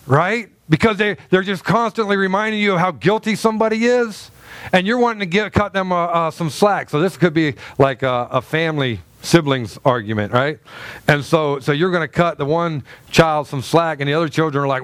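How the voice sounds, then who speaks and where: A high-voiced male pastor delivers an emphatic sermon. He stumbles through fillers and restarts and keeps calling out to his congregation. His voice sounds close and dry. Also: moderate pace, fairly bright tone, no room sound.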